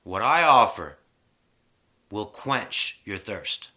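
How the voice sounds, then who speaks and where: A man's voice: lowish voice, lively intonation, takes it slowly, sharp tone. A man in a casual spiritual rant, heated and preachy, swearing freely.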